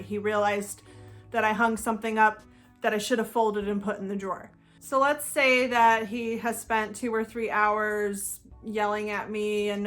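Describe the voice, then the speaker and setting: A woman's voice: medium pitch, a bit bright. Earnest woman explaining, faint music behind. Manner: earnest, explanatory, with slowed emphasis. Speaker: host. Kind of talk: personal talk about psychology.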